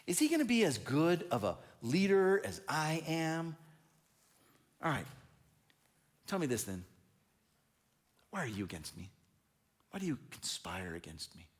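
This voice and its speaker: A man's voice: a little high, wildly swooping pitch, a little slow, long pauses, pitched above the performer's own voice, exaggerated voice. A man voicing a paranoid, jealous king who fires off accusing, self-pitying questions. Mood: aggrieved.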